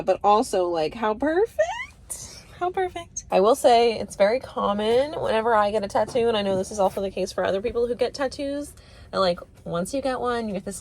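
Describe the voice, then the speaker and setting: A young woman chats straight to her camera in a bubbly, rambling way, with fillers tumbling out as she goes. Her pitch sits in the middle for a woman. A faint hiss runs under the recording. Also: creaky. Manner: chatty, bubbly, rambling with lots of "like". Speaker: vlogger. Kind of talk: casual chat.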